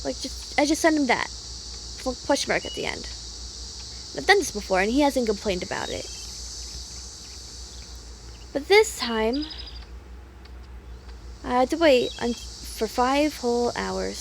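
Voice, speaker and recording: A young woman with a high voice vents in a rambling, casual monologue. She sounds upset and swears freely, with lots of fillers. Faint crickets chirp behind her. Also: expressive, unhurried, gravelly, long pauses, noisy background. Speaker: vlogger.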